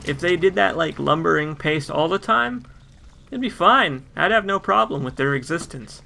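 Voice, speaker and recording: Man commentating a game, gravelly voice, bright tone, joking and sarcastic. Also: on the high side, lively intonation, moderate pace, slight background noise. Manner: wry, joking, sarcastic asides. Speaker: let's play commentator.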